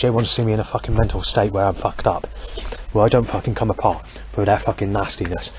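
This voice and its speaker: A man's voice: on the low side, steady tone, fast talker, a little mellow, slight background noise. A man rambling furiously outdoors at night, swearing constantly into a handheld audio recorder. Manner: furious, profane, rambling rant. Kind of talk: angry rambling monologue. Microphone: handheld digital audio recorder.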